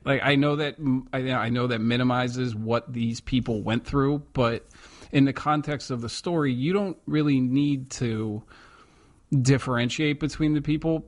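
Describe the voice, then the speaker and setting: Chatty man rambling with restarts. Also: medium pitch. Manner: chatty, animated, many restarts. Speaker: podcast co-host. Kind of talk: casual chat.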